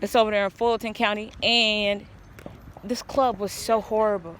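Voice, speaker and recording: A woman's voice: medium pitch, fairly even intonation, moderate pace, fairly bright tone, a little hiss or hum. A woman telling a long personal story in a casual vlog, rambling and earnest, often restarting her sentences, speaking outdoors. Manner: rambling, earnest, stop-start. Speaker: vlogger.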